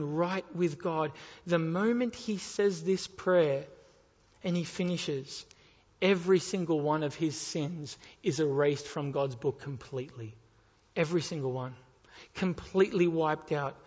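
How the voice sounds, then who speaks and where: Impassioned high-voiced male preacher in hall. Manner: impassioned, rising and falling between loud appeals and quiet pleas. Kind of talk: sermon. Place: church hall. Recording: dull reverberant hall sound.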